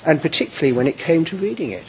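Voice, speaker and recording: A man's voice: on the high side, very animated, racing, a little mellow, a little hiss or hum, poor audio. A man arguing as defence counsel in a courtroom, formal and hesitant, with frequent restarts. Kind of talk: courtroom argument.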